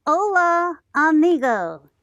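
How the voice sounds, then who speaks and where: Very high squeaky duck puppet, chirpy, eager, voiced by a woman. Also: moderate pace, a bit bright, dry recording, highs cut off. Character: cheerful duck puppet doctor.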